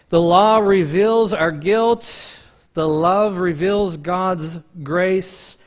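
High-voiced man preaching a fervent sermon. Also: fairly even intonation, slow. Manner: earnest, repetitive exhortations, rising to fervent urging.

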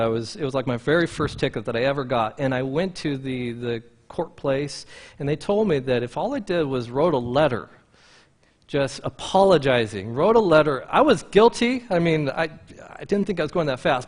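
High-voiced man preaching a fervent sermon. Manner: earnest, repetitive exhortations, rising to fervent urging.

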